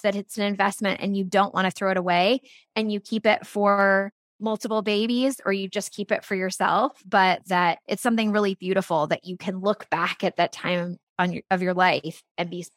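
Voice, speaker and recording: A woman's voice: mid-range voice, a bit bright, dry recording. Chatty woman guest, dry close sound. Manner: chatty storytelling with laughs and restarts. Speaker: guest, product founder. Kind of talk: casual interview chat.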